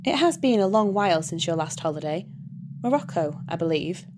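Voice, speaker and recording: A formal archangel, read by a woman gets straight to the point in a curt, businesslike manner. It is a storybook reading with a faint steady hiss behind. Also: fairly low pitch, brisk. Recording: background hiss.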